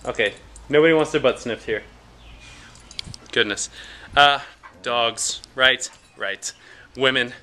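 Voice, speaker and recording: Young male vlogger, bright tone, loose rambling delivery, self-deprecating humor. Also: medium pitch, unhurried, long pauses. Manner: rambling, jokey and self-mocking, with many fillers. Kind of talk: casual vlog chat.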